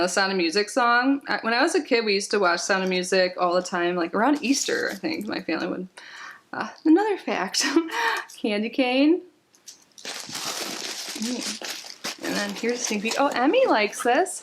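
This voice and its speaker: Woman vlogger, fairly high voice, giggly and rambling, casual unboxing chat, faint hiss behind. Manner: chatty, giggly, rambling with many "like"s. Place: home, sitting on the floor.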